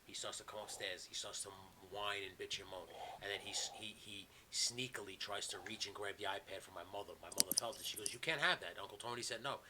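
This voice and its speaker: A man hosting a podcast from home, telling a long story in a casual, animated way with plenty of swearing. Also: fairly low pitch, fast talker, few pauses, heavy background noise. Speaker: podcast host. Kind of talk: casual chat. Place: home, video call. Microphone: remote call mic.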